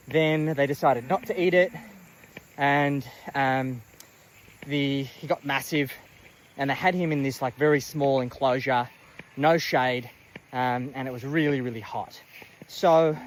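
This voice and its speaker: Outdoors at a farm paddock, a man gives a chatty, rambling walking tour vlog of his animal sanctuary, full of fillers. His voice is a little high, and the rough recording carries slight background noise.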